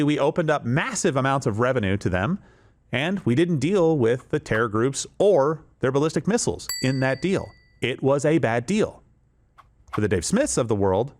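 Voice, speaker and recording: Guy hosting a commentary show, really animated voice, emphatic and sarcastic. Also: medium pitch, normal speed. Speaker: host. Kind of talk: political commentary chat.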